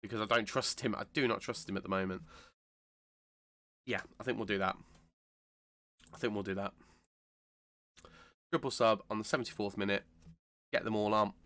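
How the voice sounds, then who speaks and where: Unwell British man, bright chatty commentary. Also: fairly low pitch, no echo. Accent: British English. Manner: chatty, rambling, self-correcting, bursts of excitement. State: unwell with a cold. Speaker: gaming channel host. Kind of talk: casual let's-play commentary.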